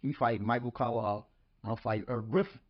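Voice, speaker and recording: A man's voice: mid-range voice, normal speed. A man and former boxer, a podcast guest, telling stories in casual talk. He rambles and repeats words as he starts his thoughts. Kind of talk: casual storytelling. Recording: slightly dull lo-fi podcast audio.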